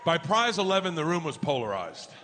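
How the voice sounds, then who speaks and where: Middle-aged male stand-up, raised voice, crude and animated, live room noise. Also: fairly high pitch, a little fast. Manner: loud, crude, animated storytelling with bursts of shouting. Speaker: stand-up comedian. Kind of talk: stand-up storytelling. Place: comedy stage before an audience. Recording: live stage recording with background noise.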